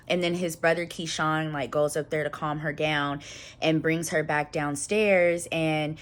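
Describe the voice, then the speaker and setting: A woman with a fairly low voice talks straight to her viewers in a relaxed, slangy way, retelling what happened on a show. She keeps dropping in quick asides and questions to her audience. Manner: chatty, loose slangy storytelling with frequent asides. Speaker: channel host reviewing a reality show. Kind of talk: casual recap chat.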